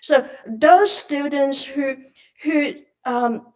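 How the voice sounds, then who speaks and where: A woman's voice: fairly high pitch, expressive, a little slow, poor audio. A woman speaking as an academic panelist in an online seminar, earnest and openly emotional, apologizing for her feelings.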